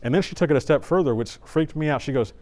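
A man's voice: on the high side, quick pace. Middle-aged man preaching a story. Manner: conversational, animated storytelling with restarts. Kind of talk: sermon with personal story. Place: church service.

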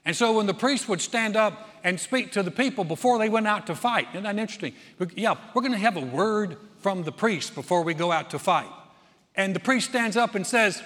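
A man preaching a sermon, telling a story with acted-out voices and swinging from loud to hushed. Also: sits high, lively intonation, brisk. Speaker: pastor. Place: large church sanctuary. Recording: long hall reverb.

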